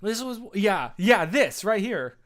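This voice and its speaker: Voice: medium pitch, very animated, takes it slowly, a bit bright. A streamer in their thirties chatting casually on a live stream, reading chat and rambling with many fillers and restarts.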